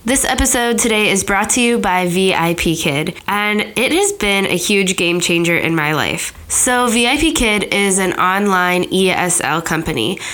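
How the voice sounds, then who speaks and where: A woman's voice: medium pitch, lively intonation, a little slow, hardly any pauses, a bit bright. A woman in her thirties hosting a casual podcast, talking in a chatty, candid way, her voice a little nasal from a cold. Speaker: podcast host.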